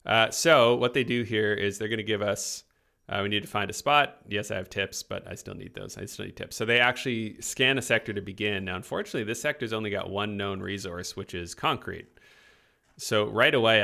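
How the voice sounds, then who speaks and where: A man with a low, gravelly voice that has a bright, forceful edge, chatting through a game on a livestream. He thinks out loud as he plays and laughs easily. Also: fairly quick. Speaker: game streamer co-host. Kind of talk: casual gameplay chat.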